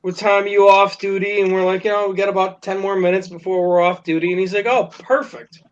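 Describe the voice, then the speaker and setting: A man's voice: sits high, completely flat delivery, fast talker, clear, resonant tone. A man telling a story casually to friends, laughing, swearing and acting out the quotes. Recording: dull lo-fi recording with faint noise.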